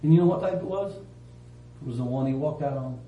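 Folksy preacher in a roomy church. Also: male voice, medium pitch, a little fast. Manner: folksy, emphatic, swings from loud to hushed. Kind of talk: sermon. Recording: roomy church sound from a distance.

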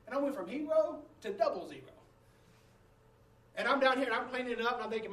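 A man's voice: very high voice, expressive, quick pace, long pauses, fairly bright tone, distant mic. A man preaching a sermon, telling a story and calling on the congregation for answers. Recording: roomy room, voice away from the mic.

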